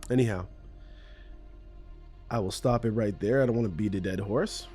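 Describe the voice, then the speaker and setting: A man's voice: on the low side, moderate pace, dark tone, soft background music. A man hosting a solo podcast, talking in a rambling, conversational and self-deprecating way in his morning voice. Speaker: podcast host.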